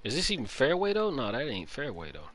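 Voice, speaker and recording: A man's voice: medium pitch, wildly swooping pitch, fairly quick, fairly bright tone, a little hiss or hum. A young man chatting casually while streaming a game, with loose slangy banter, greeting his chat and laughing often into a headset mic. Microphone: gaming headset.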